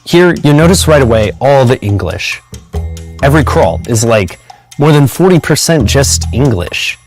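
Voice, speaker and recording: A presenter talks casually through some figures, the voice rising and falling in a lively way. Faint music sits in the background. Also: medium pitch, moderate pace. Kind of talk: informal explainer video.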